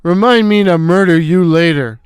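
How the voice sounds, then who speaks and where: A man voicing a gruff, bossy middle-aged male slapstick comedian who barks sarcastic insults. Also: high-pitched, normal speed, dry recording, clean studio sound, faint music behind, close to an everyday voice.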